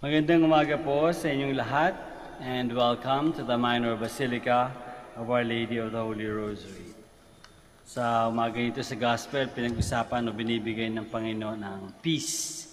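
A man's voice: medium pitch, a little hiss or hum. A man with a Filipino accent, a priest giving a homily at Mass in a large basilica, switching between Tagalog and English and repeating phrases for emphasis. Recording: long church reverb, faint ambience.

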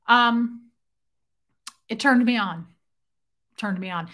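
A young woman hosts a casual livestream, talking straight to her viewers and reading their comments aloud. Her voice sits a little high and sounds very bright. She stays playful and self-mocking, and now and then she slips into a snatch of song. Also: slow. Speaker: livestream host.

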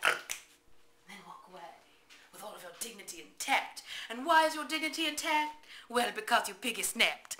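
A woman's voice: high voice, sing-song, moderate pace, bright, forceful tone. A woman giving a playful, teasing home video monologue with mock-bossy asides. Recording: echoey room with faint noise.

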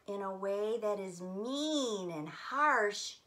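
A middle-aged woman giving a gentle Bible lesson to children, speaking slowly and warmly to her young listeners. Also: medium pitch. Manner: slow, gentle, animated talk to children.

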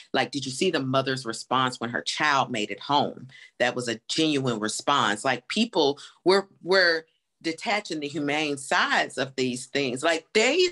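A man's voice: mid-range voice, pushed and bright. A man co-hosting a podcast, emphatic and repeating words for stress. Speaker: podcast co-host. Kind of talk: casual discussion.

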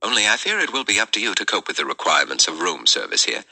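A man doing a courteous British gentleman. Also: on the low side, big pitch swings, fast, creaky, pitched above the performer's own voice, heavily acted. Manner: courteous, formal. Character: polished British gentleman in disguise.

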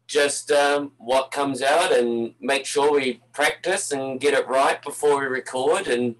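An older man from New Zealand with a New Zealand accent softened by years in Canada, a guest musician talking in a hesitant, easygoing way with many pauses. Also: medium pitch, steady tone, rough recording. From Napier, New Zealand. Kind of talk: casual interview.

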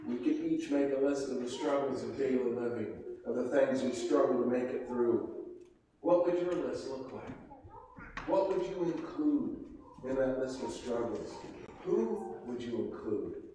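A male pastor preaching to his congregation, full of rhetorical questions. His voice is mellow and dark, with a slightly raised pitch. It rings through a large church hall, picked up from some distance with faint room ambience. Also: animated, unhurried, slight background noise. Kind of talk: sermon. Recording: echoey hall from far off.

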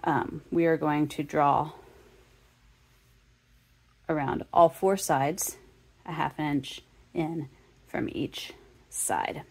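A woman's voice: low-pitched, slow, gravelly, pauses often, slightly rough. A woman teaching a sewing tutorial, casually talking the viewer through each step. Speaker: sewing instructor.

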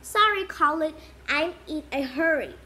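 A tired boy of about twelve who answers flatly and with resignation, as a woman reads him. His voice is high and bright. It is a storybook part. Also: a little slow, slight background noise, heavily acted. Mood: resigned. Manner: flat and resigned.

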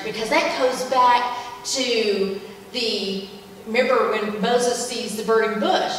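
A woman's voice: on the high side, steady tone, unhurried, a little hiss or hum. A woman leading an informal Bible teaching in a church service, talking in a conversational, enthusiastic way with many fillers. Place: church sanctuary. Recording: echoey hall from far off.

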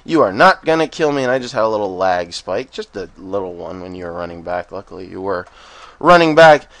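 A man giving casual gameplay commentary, excitable and profane, often bursting into rapid panicked strings of "no" and laughing. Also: low-pitched, no echo. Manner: swears freely and laughs often. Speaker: game commentator.

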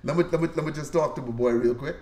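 A man's voice: fairly high pitch, racing, darkish tone. A man from the Bahamas hosting a casual livestream, reading out viewer comments in a loose, joking, slangy way and laughing often. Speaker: livestream host.

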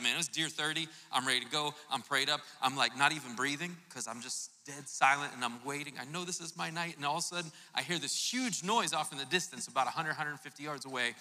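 A male pastor from Florida telling a lively, joking story during a sermon. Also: medium pitch. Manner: animated storytelling, jokey asides. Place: church auditorium. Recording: reverberant church hall.

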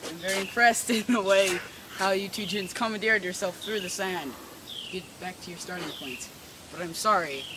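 A young man playing a menacing mysterious stranger in the woods, speaking slow and threatening in an amateur outdoor video drama. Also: high-pitched, natural voice. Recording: outdoor camera mic with noise.

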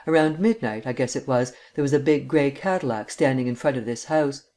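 A man's voice: mid-range voice, brisk, a little mellow, close to an everyday voice. A man doing a plain-spoken beat patrolman. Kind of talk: audiobook reading.

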